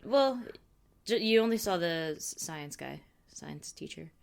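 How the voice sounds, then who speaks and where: A giggly woman chatting over a movie, laughing often. Her pitch swings widely, while her words come unhurried. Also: lively intonation, gravelly. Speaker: co-host of movie reaction commentary. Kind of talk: casual movie commentary chat.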